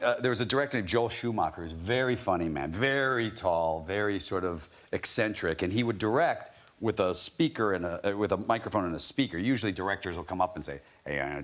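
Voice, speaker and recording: A man telling an anecdote as a talk show guest, animated and acting out quotes. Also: fairly low pitch. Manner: animated storyteller, acts out quotes. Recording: TV studio with audience noise.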